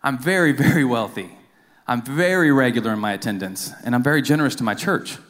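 A man voicing a calm, self-assured wealthy man stranded on an island, in a sermon joke. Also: medium pitch, fast talker, natural voice. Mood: smug. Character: calm, smug wealthy churchgoer. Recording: long reverb of a church hall.

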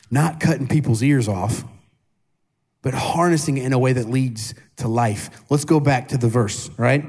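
A man in his thirties preaching a sermon in a casual, animated way, asking his congregation questions and poking fun at himself. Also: medium pitch, husky. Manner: self-deprecating humor. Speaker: pastor. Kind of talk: conversational sermon.

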